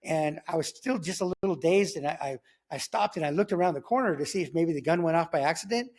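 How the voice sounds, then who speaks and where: Guy with a higherish voice just telling his story, loose slangy way of talking, throws in boom sounds. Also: fast. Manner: animated, slangy, acts out sounds like "boom" and "pow". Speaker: guest telling his testimony. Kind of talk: casual spoken storytelling.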